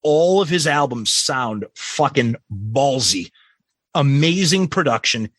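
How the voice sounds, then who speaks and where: A husky-voiced man co-hosts a casual podcast, reading listener questions aloud. He gives blunt, profane opinions with a lively, varied pitch. The recording is dry and close. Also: takes it slowly, no room sound. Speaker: podcast co-host.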